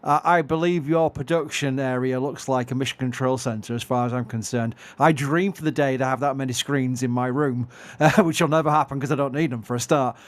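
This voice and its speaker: A man's voice: medium pitch, steady tone, a little fast, few pauses. A man with a Yorkshire accent chatting casually and self-deprecatingly as a livestream co-host. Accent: Yorkshire English. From England. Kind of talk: casual live-stream chat.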